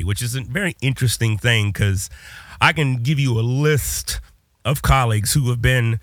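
Animated rambling man hosting a chat. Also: mid-range voice, normal speed, no echo, clean studio sound. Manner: animated, rambling with many restarts. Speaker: podcast host and communications professor. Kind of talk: casual podcast conversation.

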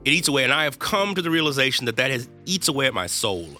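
A man's voice: medium pitch, big pitch swings, fast talker, bright, forceful tone, soft background music. A man hosting a podcast, talking candidly and earnestly about his own struggles, with casual slang and lots of "right?" and "y'all". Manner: earnest and self-deprecating, with loose slang and frequent "right?" and "y'all". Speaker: podcast host. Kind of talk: candid confessional podcast talk.

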